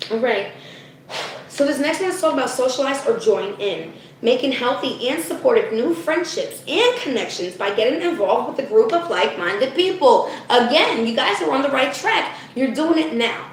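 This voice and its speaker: A chatty woman does a live spiritual card reading and keeps talking straight to her viewers. Her voice sits a little high and is going hoarse. She is set back from the mic in a very echoey room with a faint hiss behind her. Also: distant mic. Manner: chatty, addresses viewers as "guys", frequent "okay?". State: losing her voice.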